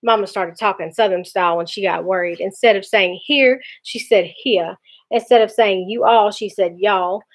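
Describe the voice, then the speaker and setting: A woman teacher reading a children's chapter book aloud in a lively, expressive way. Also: mid-range voice, moderate pace, few pauses. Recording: dull lo-fi recording.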